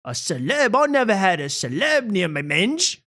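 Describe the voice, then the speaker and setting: A man putting on a crude, flirty British woman in a shrill falsetto with a mock British accent. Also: big pitch swings, moderate pace, pushed and bright, full character voice. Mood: bawdy.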